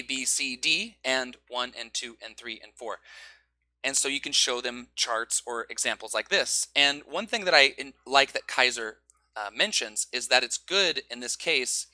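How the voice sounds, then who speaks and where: A man teaching English pronunciation, explaining stress and rhythm and drawing out example phrases slowly. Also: medium pitch, pushed and bright, no room sound.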